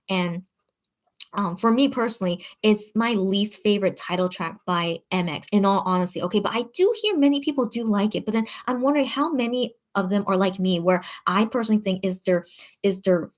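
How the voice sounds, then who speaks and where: A woman hosting a casual chat with her viewers, rambling and chatty, full of fillers and restarts. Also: mid-range voice. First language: English. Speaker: channel host reading live chat.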